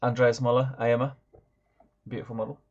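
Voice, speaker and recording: A man's voice: mid-range voice, little pitch movement, brisk, darkish tone. A man co-hosting a hobby stream, upbeat and jokey as he reads out viewers' names. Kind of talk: casual chat. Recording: slightly dull, lo-fi audio.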